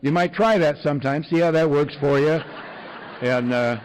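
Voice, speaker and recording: A man's voice: fairly high pitch, normal speed, a little hiss or hum, low-quality recording. A man sharing his recovery story with an audience in a wry, self-mocking way, full of fillers and chuckles.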